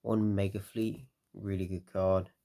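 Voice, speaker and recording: A tired man talking casually through a card game deck, relaxed and rambling with lots of fillers. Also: deep voice, a little slow, gravelly.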